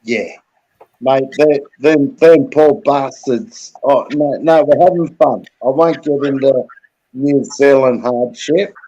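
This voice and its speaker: A man's voice: medium pitch, slow, warm tone, muffled recording. An Australian man in his late forties hosting a casual stream chat, laid-back and swearing freely. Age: 40s. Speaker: host of a live music stream.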